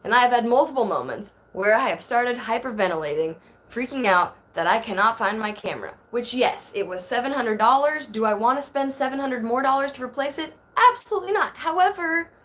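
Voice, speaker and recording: A woman's voice: a little high, a bit bright. A woman in her thirties chatting casually on a phone live stream, rambling and reading viewer comments aloud. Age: 30s. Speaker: livestream host.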